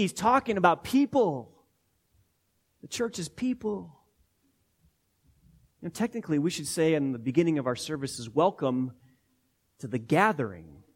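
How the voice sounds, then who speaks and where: A man's voice: sits high, fairly bright tone. A man preaching an expository sermon as pastor, teaching emphatically word by word with frequent repetitions.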